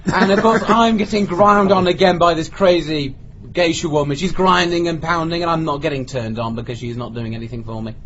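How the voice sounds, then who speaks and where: Speaking briskly in a slightly high, fairly even voice, a British man shares a comic story during a casual podcast chat with friends, performing the characters' lines himself. Faint noise runs under the lo-fi recording.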